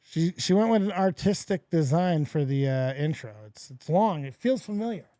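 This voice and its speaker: A man's voice: on the high side, lively intonation, normal speed, mellow, faint music behind. A man hosting a casual, crude and mocking reaction commentary. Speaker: host.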